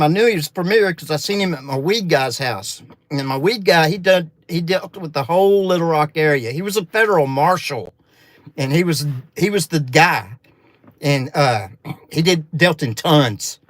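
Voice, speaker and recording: A man's voice: on the high side, dry recording. A man from Arkansas with a Southern accent, telling a rambling, profane story in a folksy, casual way.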